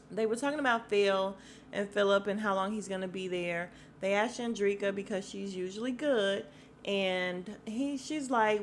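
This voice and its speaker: A woman from hosting a podcast, recapping a reality show in casual chat, laughing often and jumping high when she quotes people. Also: fairly bright tone, a little hiss or hum. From Chicago. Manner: chatty, laughing, quoting others in bursts of high pitch. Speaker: podcast host.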